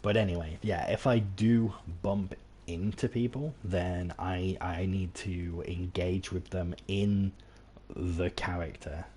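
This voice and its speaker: A game streamer from England, speaking slowly in a low, mellow, steady voice, offers rambling, self-deprecating commentary with plenty of restarts. A little hiss or hum is audible.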